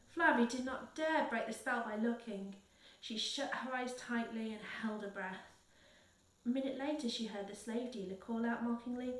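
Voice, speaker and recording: A woman reading a children's novel aloud in a steady, careful way, correcting small slips as she goes. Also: on the high side, normal speed. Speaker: reader. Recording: roomy, a little distant from the mic.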